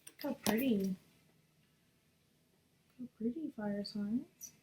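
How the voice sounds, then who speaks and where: A woman's voice: mid-range voice, slow, mellow. A woman giving a casual, chatty tarot reading, talking bluntly and swearing freely. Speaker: tarot reader. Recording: echoey room with faint noise.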